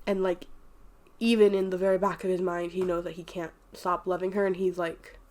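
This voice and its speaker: A woman's voice: fairly low pitch, level tone, fairly quick, a little mellow. Chatty woman reviewing a book. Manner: candid, rambling, swears freely. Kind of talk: casual book review vlog.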